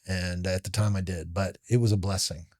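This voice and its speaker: A former professional fighter, appearing as a podcast guest, tells a story in casual conversation. His voice is deep and a little fast, and he is animated, restarting his sentences and saying "like" constantly.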